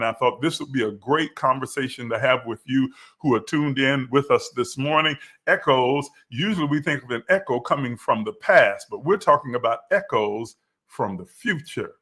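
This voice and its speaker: A man's voice: mid-range voice, pushed and bright. A man hosting a livestreamed spiritual teaching, speaking emphatically and repeating key phrases in a preaching cadence.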